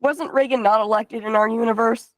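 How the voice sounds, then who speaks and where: A woman's voice: fairly high pitch, fairly even intonation, a little fast, no echo. A woman narrating as game master of a tabletop game, casual and swearing, with hesitant fillers.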